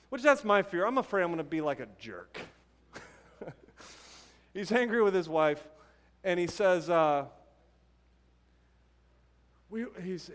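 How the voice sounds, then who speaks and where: High-voiced young pastor preaching conversationally. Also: male voice, a bit bright. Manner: conversational preaching with asides and rhetorical questions. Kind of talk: sermon.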